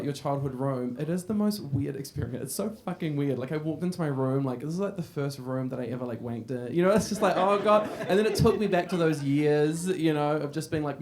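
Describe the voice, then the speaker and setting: An Australian stand-up comedian in his 30s works a comedy club stage with a fairly high, darkish voice. He's brash, teasing the crowd, swearing freely and laughing.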